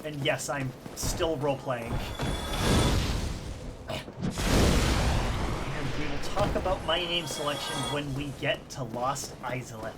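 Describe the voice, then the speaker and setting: Woman streamer rambling thru a game, self-deprecating, lots of laughs, loud game music behind. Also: sits low, slow pace, long pauses. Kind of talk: casual let's-play commentary.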